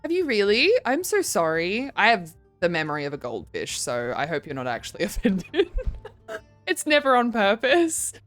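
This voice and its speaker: A woman's voice: medium pitch, wildly swooping pitch, normal speed, fairly bright tone, soft background music. A young woman streaming and chatting casually, reading her chat aloud and giggling often. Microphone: desk microphone.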